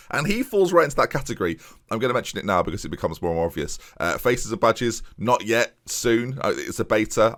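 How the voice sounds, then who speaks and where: A man's voice: medium pitch, fairly bright tone. A man chatting casually and with self-mockery as he plays a game and talks viewers through his moves, recorded at home. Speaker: gaming YouTuber.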